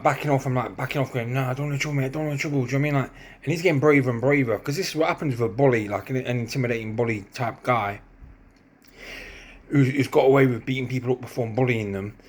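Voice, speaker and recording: Fast-talking rambling man. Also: medium pitch. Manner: rambling, repeats "do you know what I mean". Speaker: storyteller recounting a street fight. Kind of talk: casual storytelling monologue.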